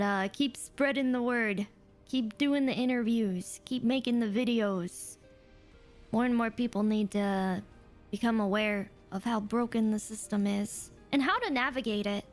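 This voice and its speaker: Female reaction host, chatty, amused commentary, higher-pitched.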